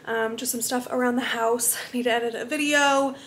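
A woman's voice: a little high, fairly even intonation, moderate pace, fairly bright tone, a little hiss or hum. A young woman chatting to the camera in a casual home vlog, a little out of breath, bubbly and full of fillers. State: out of breath from pregnancy. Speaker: vlogger. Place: home, indoors. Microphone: camera mic. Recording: echoey room.

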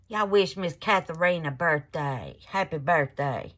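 A woman's voice: deep voice, animated, measured pace, few pauses, fairly bright tone. A woman hosting a casual crafting vlog, gushing over her work and calling viewers baby and y'all. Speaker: resin crafting channel host.

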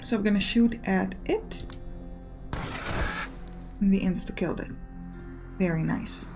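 A young woman hosting a let's play, giving quick, explanatory gameplay commentary full of fillers. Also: medium pitch, vocal fry. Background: faint game music.

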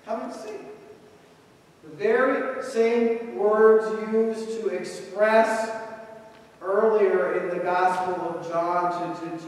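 A man preaching a slow, reflective sermon, as pastor, with long pauses. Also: high voice, distant mic, a little hiss or hum. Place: large church sanctuary. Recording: echoey church hall from afar.

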